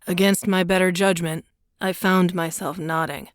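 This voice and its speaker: Low-voiced woman narrating a romance. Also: steady tone, no room sound, clean studio sound. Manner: measured, intimate storytelling. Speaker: audiobook narrator. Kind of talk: first-person romance narration.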